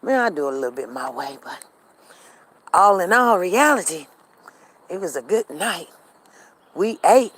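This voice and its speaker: A woman's voice: lowish voice, big pitch swings, unhurried, long pauses, a bit bright, slightly rough. A middle-aged woman telling a home story in a casual, chatty way, speaking straight to her viewers and laughing often.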